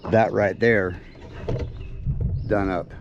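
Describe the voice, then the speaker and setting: A man chatting casually to viewers on his homestead, folksy and quick to laugh. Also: on the low side, steady tone, muffled recording, background noise. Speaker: homesteading vlogger. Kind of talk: casual vlog chat to camera. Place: outdoors on a rural homestead.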